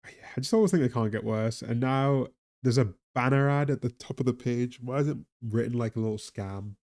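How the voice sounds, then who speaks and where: A man's voice: mid-range voice, a little fast, darkish tone. A tired man with a weak Geordie accent, chatting casually on a live stream, rambling and laughing about the economy. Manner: laughing, rambling, talks to chat and a pet.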